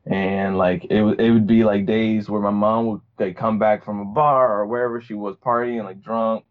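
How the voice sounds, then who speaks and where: Young male podcast guest from Virginia, casual storyteller, lots of fillers, slightly low voice, muffled lo-fi audio. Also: little pitch movement, normal speed. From Virginia, USA. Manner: rambling, many fillers and restarts. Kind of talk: personal story, casual talk.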